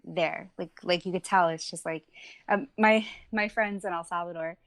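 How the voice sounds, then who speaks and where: A woman's voice: on the low side, fairly even intonation, moderate pace, fairly bright tone, dry recording. A young adult woman with a Long Island accent, a musician chatting as a podcast guest, laughing often and filling with "like.". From Long Island, New York. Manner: laughs often, many fillers and restarts. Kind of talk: casual interview chat.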